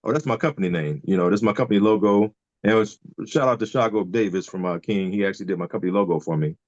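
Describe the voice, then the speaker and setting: A man's voice: lowish voice, quick pace, dry recording, lo-fi sound. A man in his fifties, a podcast guest and DJ, chatting casually and rambling through stories with lots of fillers and restarts over a video call. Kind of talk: casual chat.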